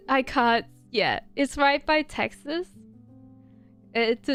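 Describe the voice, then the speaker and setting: A tarot reader chats casually on a live stream in a fairly high, smooth voice, her accent Australian mixed with British. She rambles and giggles, using lots of fillers.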